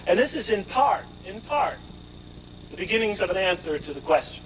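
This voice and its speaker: A man's voice: sits high, very animated, moderate pace, a little hiss or hum, rough recording. A man giving a scripture lecture, explaining in an emphatic way and asking rhetorical questions of his listeners.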